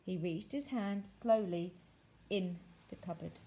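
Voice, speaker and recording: A woman teacher reading a children's novel aloud, with expressive, measured storytelling that slows for dramatic phrases. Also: lowish voice, a little hiss or hum, rough recording.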